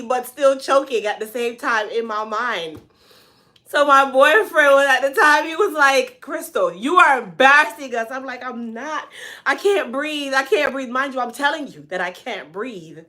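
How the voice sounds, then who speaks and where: A woman vlogger in her hair salon, telling a funny personal story in a casual, animated way with lots of laughter. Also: on the high side.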